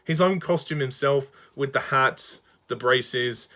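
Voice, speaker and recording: A man in the middle of a ranting fan review, his voice sitting at an ordinary pitch. He sounds exasperated throughout, breaking off to sigh and swear before pressing on with his complaints. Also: slow pace, sharp tone.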